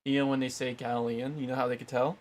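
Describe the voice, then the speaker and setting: A man co-hosting a Bible study reads a scripture passage aloud, then discusses it loosely, filling his commentary with many "like"s and other fillers. He talks fast in a mid-range voice with a level tone.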